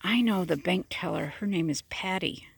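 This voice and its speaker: A woman voicing a poor, polite male frog who asks for a loan in a soft, half-whispered voice. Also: on the low side, normal speed, gravelly, a little hiss or hum. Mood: pleading.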